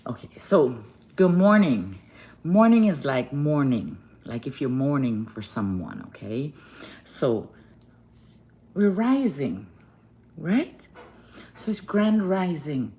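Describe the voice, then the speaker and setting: A woman's voice: deep voice, very animated, takes it slowly, pauses often, mellow. A woman giving an affectionate live-stream card reading from a hotel room, greeting viewers as darling and baby and laughing often. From Guyana.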